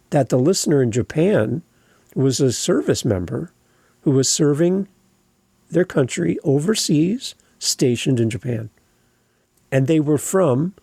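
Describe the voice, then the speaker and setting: A man hosting a podcast, giving earnest, encouraging coaching on clear speech and stressing the ends of words. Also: mid-range voice, mellow, no room sound, studio quality. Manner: earnest, encouraging, emphatic on word endings. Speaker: podcast host.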